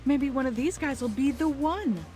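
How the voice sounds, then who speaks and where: A man's voice: very high-pitched, expressive, normal speed, darkish tone, soft background music, voice pushed up. A man voicing a friendly, sarcastic young female bartender in a visual novel read-through. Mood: teasing. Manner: teasing, sarcastic. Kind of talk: reading a visual novel aloud.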